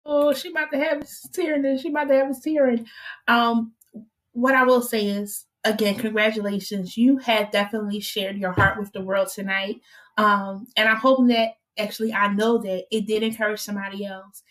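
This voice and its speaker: A woman hosting a live interview show, lively and playful, encouraging her guest and reading out viewer comments. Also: on the high side, normal speed. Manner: reads viewer comments aloud. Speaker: host.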